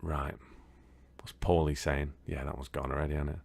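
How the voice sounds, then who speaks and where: Low creaky British gamer chatting. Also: male voice, level tone, normal speed, darkish tone, slight background noise. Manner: chatty, rambling, swears casually. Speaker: game video host. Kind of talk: casual let's-play commentary.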